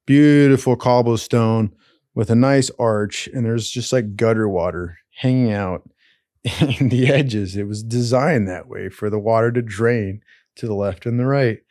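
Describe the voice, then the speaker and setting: A man's voice: mid-range voice, unhurried, no room sound, clean studio sound. A man telling wild stories in a casual, profane, rambling way, full of slang and asides. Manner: profane, animated, slangy with "dude". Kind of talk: casual storytelling.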